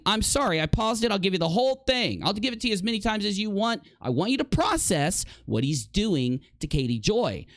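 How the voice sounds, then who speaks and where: A man voices heated commentary, accusing and repeating himself for emphasis. His pitch sits on the high side and swings widely. The room is dry and close. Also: fairly bright tone, no echo. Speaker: commentary vlogger. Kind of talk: indignant commentary.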